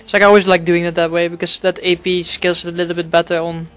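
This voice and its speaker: A man's voice: high-pitched, level tone, fast, a bit bright, clear, resonant tone, faint music behind. A man giving casual gameplay commentary, rambling and swearing a lot, with frequent fillers and restarts. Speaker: gaming commentator.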